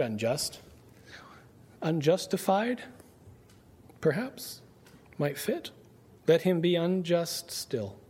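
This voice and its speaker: A man preaching a Bible-study sermon in a conversational way, asking his listeners rhetorical questions and slowing down to read scripture aloud. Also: a little high, a little mellow.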